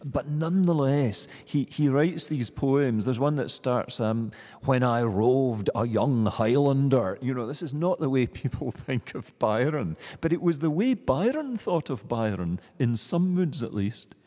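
A man speaking as a guest scholar in a discussion, thoughtful and halting, with frequent restarts. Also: mid-range voice, expressive, dark tone, breathy edge, in a large hall.

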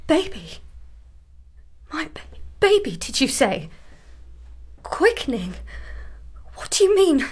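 A young woman playing a gentle, distraught young lady who pleads emotionally. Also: high voice, big pitch swings, takes it slowly, pauses often, full character voice. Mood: panicked.

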